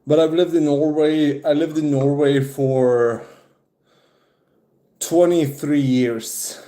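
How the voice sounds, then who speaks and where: A man's voice: a little high, fairly even intonation, slow pace, dark tone. Breathless young man streaming, echoey room. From Serbia. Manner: swears often, counts aloud during push-ups. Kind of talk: casual livestream chat.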